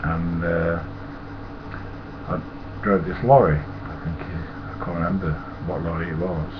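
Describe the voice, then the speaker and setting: A man's voice: low voice, little pitch movement, unhurried. Older Nottingham man, chuckling anecdotes. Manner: rambling, chuckles, swears freely. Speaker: storyteller. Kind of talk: casual anecdote telling. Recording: muffled lo-fi with loud hiss.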